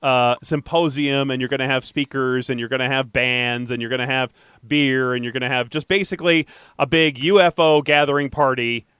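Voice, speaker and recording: A man hosting a casual podcast, reading news items and riffing on them in an animated, jokey way. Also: mid-range voice, brisk, clear, resonant tone, dry recording, clean studio sound. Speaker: podcast host.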